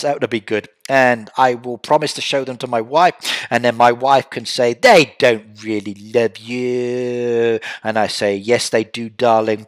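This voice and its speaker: Male streamer, mid-pitch, rambling and playful, dry sound. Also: fairly bright tone, no echo. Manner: chatty, joking, rambling. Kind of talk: casual live-stream chat.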